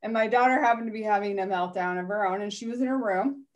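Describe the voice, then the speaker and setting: A woman in her forties, a mother, telling stories from home in a relaxed chat and laughing now and then. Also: medium pitch, fast. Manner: warm storytelling with laughter. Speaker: guest, mother in a weight program. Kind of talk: casual conversation.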